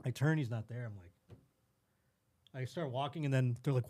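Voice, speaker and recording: A man's voice: mid-range voice, normal speed, darkish tone, no echo. A comedian from Buffalo, New York, telling a story as a podcast guest, acting out scenes in quoted voices and laughing as he goes.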